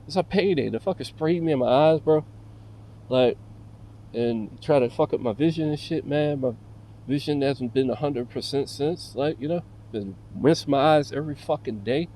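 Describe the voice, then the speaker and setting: Male vlogger, dark mellow tone, heated profane rant in a car. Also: a little high, low-quality recording. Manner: profane, agitated storytelling, heavy fillers. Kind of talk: casual rant to camera.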